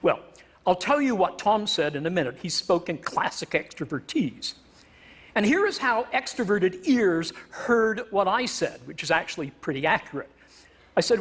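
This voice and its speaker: A man's voice: high voice, big pitch swings, a little slow, long pauses, fairly bright tone, husky. A man from Canada, a professor, giving a humorous stage talk in a wry, self-deprecating way with playful word choice. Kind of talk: humorous public lecture.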